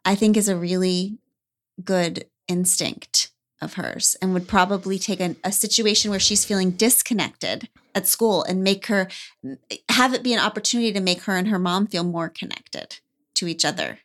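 A woman co-hosts a conversation, working through her ideas earnestly and out loud. Her voice sits at a middle pitch, and she fills her pauses with plenty of "like"s. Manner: thoughtful, earnest, many "like"s. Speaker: podcast co-host. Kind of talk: casual chat.

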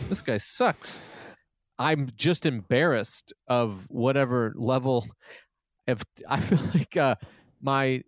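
A man's voice: mid-range voice, dry recording, clean studio sound. A man who is a comedian, talking in a casual chat, self-deprecating and rambling, with many restarts, and swearing freely when he acts out a scene. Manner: profane and animated when retelling scenes.

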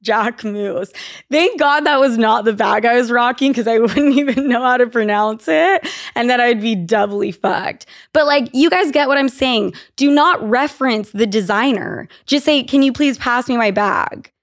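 A woman's voice: fairly high pitch, moderate pace. A young woman hosting a podcast, chatting casually and telling stories, swearing freely and laughing as she goes. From Utah. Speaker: podcast host. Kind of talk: casual chat.

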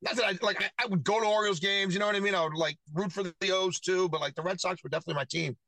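A man's voice: sits high, steady tone, very fast, bright, forceful tone, no echo. A man from Baltimore, a sports reporter, chatting casually in an interview from his parked car, rambling and often saying "you know what I mean".

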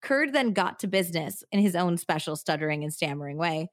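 A woman's voice: on the low side, fairly quick, no echo, clean studio sound. A woman hosting a podcast, telling a true crime story in a casual way that often breaks into laughter. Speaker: podcast host.

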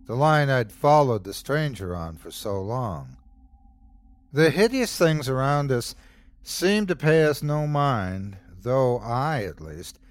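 Slow, expressive male horror narrator. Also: mid-range voice. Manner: measured, dramatic storytelling. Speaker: host and narrator.

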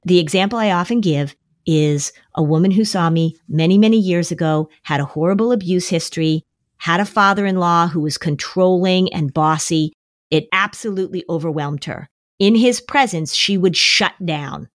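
This woman's voice is on the low side and moves at a moderate pace as she, an anxiety therapist, gives emphatic, repetitive coaching advice in a podcast conversation. Clean studio sound, with no room sound.

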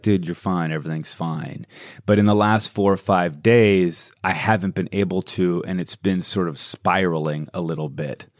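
Low-voiced man chatting candidly. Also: dry recording, clean studio sound. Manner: candid, rambling, self-deprecating. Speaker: podcast co-host. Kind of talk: casual chat.

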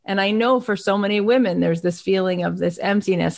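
A woman's voice: medium pitch, a little fast, gravelly. A woman hosting an interview, asking earnest, enthusiastic questions on behalf of her audience. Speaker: podcast host.

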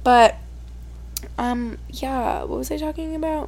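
A woman's voice: high voice, takes it slowly, vocal fry, a little mellow. A young woman hosting her podcast in casual solo chat, rambling with lots of "like" and openly emotional. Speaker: podcast host.

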